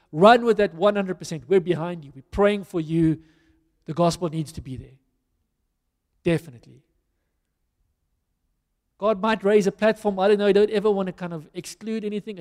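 A man's voice: high-pitched, darkish tone. A man with a South African accent preaching a conversational, storytelling sermon with self-deprecating asides. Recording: reverberant hall.

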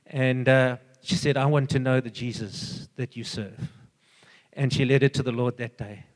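An older man giving an earnest, halting personal testimony full of fillers and restarts. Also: mid-range voice, steady tone, long reverb tail. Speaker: church member giving a testimony.

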